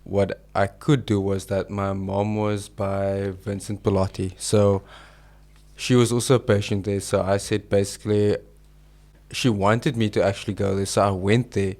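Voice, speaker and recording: Man, low voice, gravelly, flat delivery, hesitant guest. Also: a little slow. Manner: hesitant, loose retelling. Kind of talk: casual chat.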